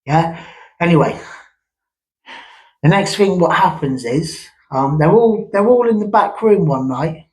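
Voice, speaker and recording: A man's voice: fairly high pitch, animated, a little slow, pauses often, darkish tone, poor audio. A man telling a long ghost story from his past in a rambling, conversational way, with many restarts and asides. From England. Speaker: vlogger.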